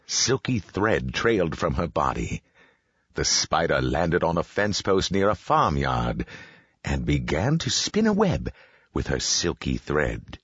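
A man with a deep, husky voice narrates a children's storybook in a wildly swooping, expressive way. He reads slowly and deliberately, recorded close and dry. The audio is slightly dull and lo-fi. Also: no room sound. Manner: expressive, voices each animal.

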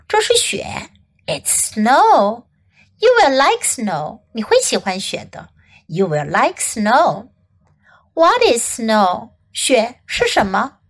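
A woman English teacher reading a children's story aloud in an expressive, clearly enunciated voice. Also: high voice.

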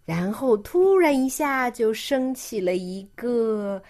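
A woman reading a picture book aloud to a child, slow and expressive, stopping to coax the child with questions. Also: on the high side.

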